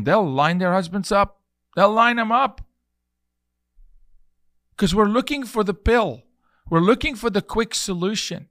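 Slow, emphatic preaching man. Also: high voice, animated, fairly bright tone, no echo, studio quality. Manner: emphatic, repeats key phrases, storytelling. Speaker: podcast host. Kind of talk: preachy podcast monologue.

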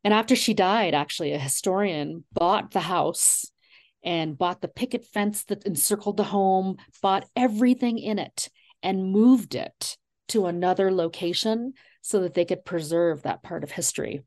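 A middle-aged woman, an author being interviewed, telling family memories in a warm, digressive way with many fillers. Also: mid-range voice, moderate pace. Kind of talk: reflective storytelling.

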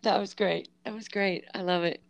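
A woman's voice: medium pitch, steady tone, gravelly, no echo. A woman co-hosting a podcast in casual chat, laughing often and chiming in with short, enthusiastic agreement. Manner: laughs often, quick warm affirmations. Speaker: podcast co-host.

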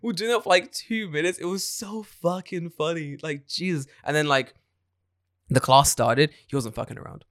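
A man's voice: a little high, moderate pace, no echo, clean studio sound. A young adult man hosting a podcast, telling stories in casual chat with lots of swearing and acted-out quotes. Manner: animated, swearing storyteller who acts out quotes. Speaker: podcast host.

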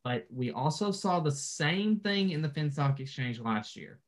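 A man's voice: fairly high pitch, expressive, unhurried. A man co-hosting a casual podcast, thinking aloud with hesitant restarts. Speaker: podcast co-host. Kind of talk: casual chat.

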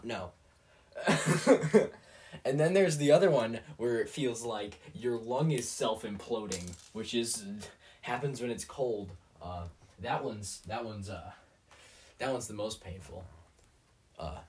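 Rambling young man, slightly low voice. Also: distant mic. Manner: rambling, full of fillers and restarts; sarcastic and self-mocking. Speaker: podcast host. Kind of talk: rambling solo rant.

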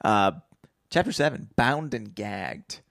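A man co-hosting a casual podcast, reading a book aloud and breaking off to chat. His voice is gravelly and lively, swinging up and down in pitch. The sound is close and dry. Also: slow, dry recording. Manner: animated, laughs often.

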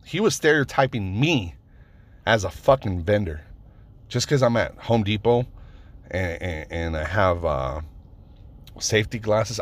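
A man's voice: fairly low pitch, animated, a little slow, pauses often, no room sound. A man telling a story in a casual, rambling rant, swearing often and stopping to restart his sentences with lots of fillers.

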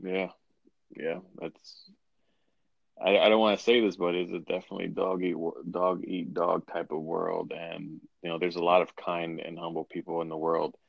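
A man's voice: sits low, flat delivery, moderate pace, creaky, dry recording, highs cut off. A man hosting a casual podcast chat, rambling with frequent restarts. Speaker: podcast host.

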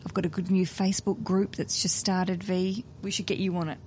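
A woman hosting a podcast, chatting briskly and cheekily on a stationary train. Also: on the low side, little pitch movement, darkish tone, a little hiss or hum. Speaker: podcast host. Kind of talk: casual podcast chat.

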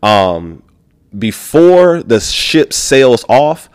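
A man from Baltimore, a podcast guest, telling a story in a slangy, animated way and acting out the voices of the people in it. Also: mid-range voice, drawn-out words, clean tone, no room sound, studio quality. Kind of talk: casual storytelling.

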